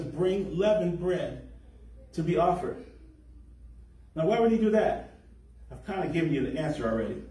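A man giving a sermon on scripture, explaining verses and slowing down to stress key words. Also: a little high, darkish tone. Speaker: congregation teacher. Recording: echoey room, voice from far off.

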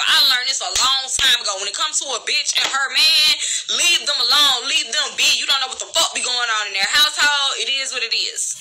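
A young woman from Birmingham, Alabama, speaking to her followers as an influencer in a blunt, profane, emphatic rant. She swings between loud outbursts and low murmurs. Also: fairly quick, slight background noise, rough recording. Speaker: social media influencer. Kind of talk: candid vlog rant to followers.

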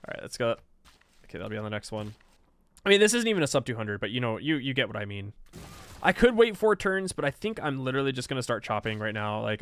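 A man's voice: medium pitch, a bit bright, smooth, no room sound. A man casually commenting on his own strategy gameplay, chatty and self-mocking, laughing often. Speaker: game streamer.

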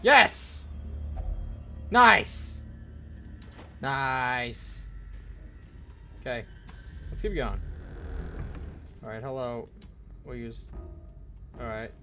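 A young man commentating on his gameplay, excitable, swearing and yelling at the game. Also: mid-range voice, very slow, vocal fry, pauses often, soft background music. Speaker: gaming video host.

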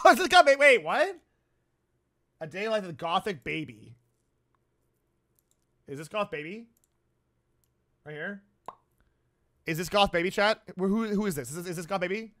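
A man hosting a casual reaction video who talks in an excitable, rambling way. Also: sits high. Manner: excitable and rambling, with frequent outbursts.

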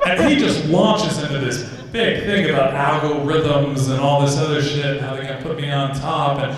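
A man's voice: a little high, normal speed, hardly any pauses, crowd noise, noisy background. A man doing a stand-up comedy set, telling a story and acting out the voices in it. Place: large hall with a live audience. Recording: echoey hall recording from far off.

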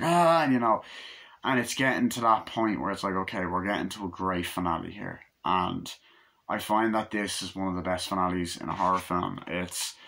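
A man's voice: deep voice, fairly bright tone. A man giving a casual, rambling movie review, acting out scenes with quoted voices and swearing.

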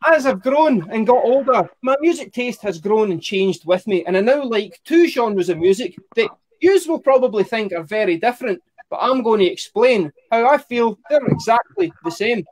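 A young Scottish man working through a stand-up set with a wry, deadpan delivery and plenty of swearing. His voice sits very high for a man, and he spins his stories in an unhurried, dry way. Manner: wry, profane, deadpan storytelling. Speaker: stand-up comedian.

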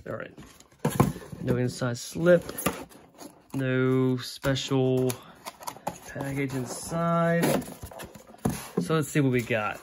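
A man hosting a casual box-opening video, sounding stuffy and congested, clearing his throat now and then. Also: medium pitch, a little hiss or hum. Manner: relaxed, unhurried, clears throat often. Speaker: card-collecting channel host.

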